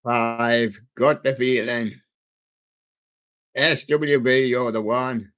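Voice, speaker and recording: A man's voice: mid-range voice, steady tone, drawn-out words, fairly bright tone. A man hosting a live music stream, joking and punning on song titles as he goes. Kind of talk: playful music chat. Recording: dull lo-fi sound.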